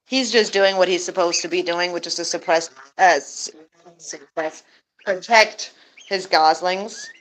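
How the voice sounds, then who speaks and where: Slow, rambling woman vlogger. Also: lowish voice, fairly bright tone, poor audio. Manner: rambling, chuckling, many fillers. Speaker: vlogger, goose keeper. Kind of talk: casual chat while doing chores. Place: inside a goose coop.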